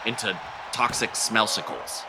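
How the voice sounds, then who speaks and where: A man's voice: on the low side, a little slow, noisy background. A man doing goofy play-by-play wrestling commentary, cracking silly jokes between calls. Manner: goofy, silly jokes, bursts into excited shouting.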